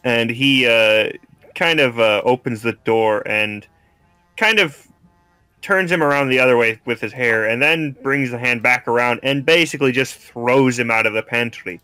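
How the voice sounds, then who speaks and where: Man, tabletop player, bright voice, rambling, dry sound. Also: mid-range voice, normal speed, clear, resonant tone, no room sound, faint music behind. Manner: relaxed, rambling description. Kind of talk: tabletop game narration.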